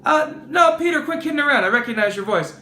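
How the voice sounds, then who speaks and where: A man voicing an unconvinced teenage friend on the phone, flat and dismissive. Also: extremely high pitch, quick pace, echoey room, pitched above the performer's own voice, heavily acted.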